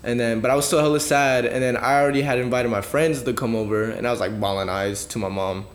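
A man's voice: mid-range voice, steady tone, quick pace. A young man co-hosting a casual podcast, telling a personal story in a laid-back, slang-heavy way. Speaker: podcast co-host. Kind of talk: casual chat.

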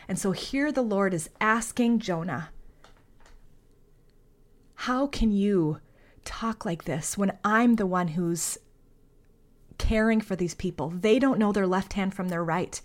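A woman's voice: medium pitch, slow, pauses often. A woman hosting a faith podcast. She speaks in an earnest, heartfelt, conversational way, reads scripture aloud and prays. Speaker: podcast host.

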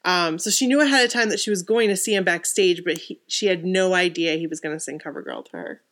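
A woman's voice: lowish voice, expressive, fast talker, fairly bright tone. A woman co-hosting a podcast in casual chat, talking with lots of "like" and "um" and reading listener stories aloud. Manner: chatty, many fillers, gets emotional. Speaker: podcast co-host.

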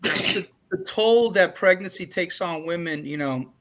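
A man's voice: high voice, unhurried, a crowd in the background. A man in his forties, a podcast co-host, talking candidly in casual chat and often restarting his sentences. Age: 40s.

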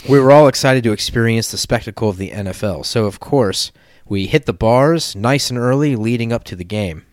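Male podcast host, mid pitch, casual read-aloud storytelling with jokey asides, close dry mic. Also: a little fast, dry recording. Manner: reads aloud with laughs and crude asides.

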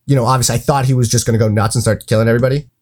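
A man's voice: mid-range voice, fairly even intonation, very fast, darkish tone. A man co-hosting a casual movie podcast, giving his thoughts in a rambling, hesitant way full of restarts and filler. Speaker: podcast co-host.

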